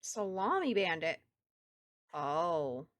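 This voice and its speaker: Lively Southern-accented woman streamer. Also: lowish voice, very slow, no room sound. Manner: chatty, thinks aloud and talks to chat. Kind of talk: casual gameplay chat with viewers.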